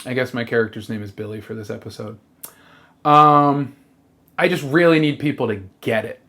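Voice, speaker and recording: A trans person in a rambling comedic monologue, halting and sincere, with lots of fillers, restarts and casual swearing. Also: medium pitch, fairly bright tone. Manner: swears freely.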